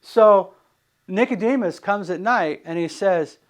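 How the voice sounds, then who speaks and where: Unhurried and high-voiced, a man delivers a relaxed sermon as a preacher. He animatedly throws rhetorical questions at his audience and performs the lines of the story's characters.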